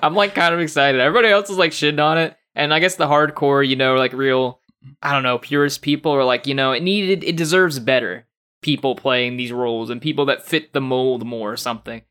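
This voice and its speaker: A young man co-hosting a casual gaming podcast, animated and laughing often, with lots of fillers and restarts. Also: medium pitch, a little fast, smooth. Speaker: podcast co-host.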